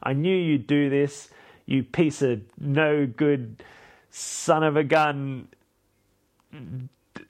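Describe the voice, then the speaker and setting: A man voicing a furious jilted bride who scolds in a shrill, raised voice. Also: very slow, pauses often.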